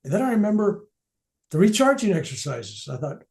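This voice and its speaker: A man's voice: high voice, sing-song, brisk, vocal fry, a little mellow. An older man, a reverend, giving an earnest, reflective talk as he tells a personal spiritual story to an audience. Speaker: reverend and speaker at a veterans event.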